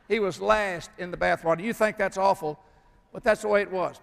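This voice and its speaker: An older man preaching a sermon, a folksy, joking storyteller who pauses often with "uh". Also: sits high, gravelly, a bit bright, big-room sound. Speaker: pastor. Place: church sanctuary.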